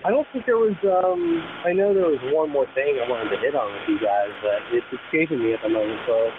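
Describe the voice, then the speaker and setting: Brief: male podcast host on a tinny phone line, faint hiss, halting. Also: medium pitch, expressive. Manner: halting, many restarts, laughs easily. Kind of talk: casual chat. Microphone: phone call.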